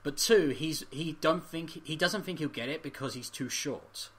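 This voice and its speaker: A man co-hosting a casual podcast chat, animated and swearing freely, often laughing. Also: fairly high pitch, normal speed, husky. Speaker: podcast co-host.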